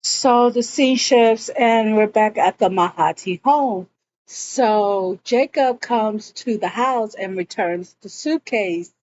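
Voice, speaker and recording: A woman walks through a TV episode in a relaxed, unhurried recap. She strings the scenes together with "and then" and "he was like". The recording sounds a little muffled, with a faint hum underneath. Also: medium pitch. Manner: retells scenes with frequent "and he was like". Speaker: show recap vlogger.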